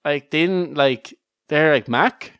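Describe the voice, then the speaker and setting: An Irish man co-hosting a relaxed podcast, telling stories with frequent laughter and restarts. His voice sits in an ordinary middle pitch. The sound is dry and close, with no room around it. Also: normal speed, no room sound. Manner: laughs often, restarts, storytelling. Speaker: podcast co-host. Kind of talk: casual chat.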